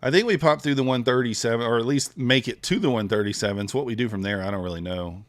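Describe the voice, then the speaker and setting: A man with a medium-pitched voice talks fast as he trades futures live on a stream. Laid-back and casual, he thinks out loud and keeps up a conversation with his viewers.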